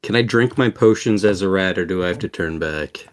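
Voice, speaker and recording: Soft-spoken low-voiced male player. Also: brisk. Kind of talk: casual tabletop play.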